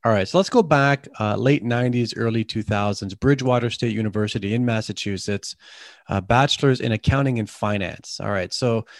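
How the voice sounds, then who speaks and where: A man's voice: fairly low pitch, a little fast, dry recording, studio quality. A middle-aged man with a Canadian accent, hosting a podcast interview in an upbeat, chatty, friendly way. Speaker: podcast host. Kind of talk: casual interview chat.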